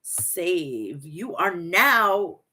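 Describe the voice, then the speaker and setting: Bright-voiced woman in her forties chatting wrestling. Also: lowish voice, very animated, drawn-out words. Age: 40s. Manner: profane, gushing and rambling. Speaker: wrestling podcast host. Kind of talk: casual chat reading live chat.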